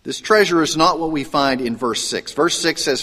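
A man preaching a sermon. He swings between raised, emphatic lines and hushed, dropped asides. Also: a little high, normal speed, hardly any pauses, in a large hall. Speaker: pastor.

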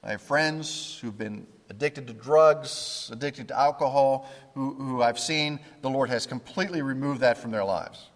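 A man's voice: medium pitch, moderate pace, few pauses, long reverb tail. A man preaching a sermon, reading scripture aloud and explaining it verse by verse.

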